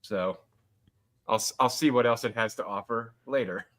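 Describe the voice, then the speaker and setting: A man co-hosting a casual podcast, loud and joking, speaking right up on the microphone. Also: medium pitch, normal speed. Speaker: podcast co-host. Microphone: right up on a close mic.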